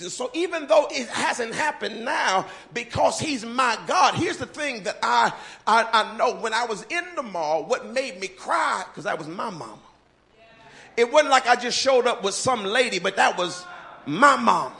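A man preaching a sermon to his church, swinging from quiet talk to shouted, half-sung lines. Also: very high-pitched, sing-song, unhurried, vocal fry. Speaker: pastor. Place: church sanctuary.

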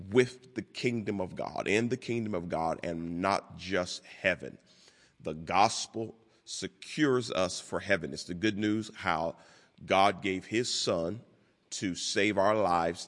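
Deep-voiced preacher in a reverberant hall. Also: male voice, fairly bright tone. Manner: deliberate, repeats key words for emphasis. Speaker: pastor. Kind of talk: sermon.

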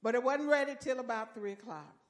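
An older woman giving a folksy church testimony with lively storytelling and exclamations of praise. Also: fairly high pitch, fairly quick.

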